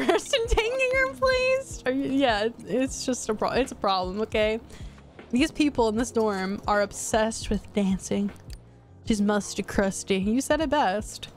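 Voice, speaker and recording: Chatty twenty-something woman streamer. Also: fairly high pitch. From United States. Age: 20s. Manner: chatty, reads chat aloud, giggly, playful teasing. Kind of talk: casual chat while playing a game.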